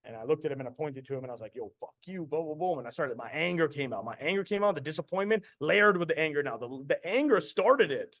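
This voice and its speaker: A man's voice: a little high, expressive, fast, few pauses, fairly bright tone, no echo. A man in his thirties from Canada, telling a personal story as a motivational host in an intense, repetitive way, swearing freely. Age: 30s. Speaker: podcast host and business coach.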